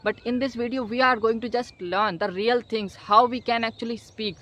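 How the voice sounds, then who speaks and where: A young man with a high, bright voice gives a casual English lesson. He speaks earnestly and often hesitates with "uh" fillers. He turns into a warm pep talk, urging viewers to repeat after him and not to fear mistakes. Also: fairly even intonation, moderate pace. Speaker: English teacher.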